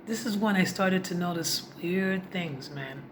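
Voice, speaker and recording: A woman's voice: fairly low pitch, unhurried. A woman vlogger telling a personal story in a heartfelt, confiding way, speaking directly to her viewers. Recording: noisy background.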